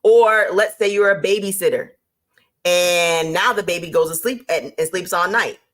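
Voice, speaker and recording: A woman hosting a motivational talk on business, lively and emphatic, laying out her points like a teacher. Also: moderate pace. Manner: lively and emphatic, with sudden jumps in pitch; teacherly, lays out numbered points. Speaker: host.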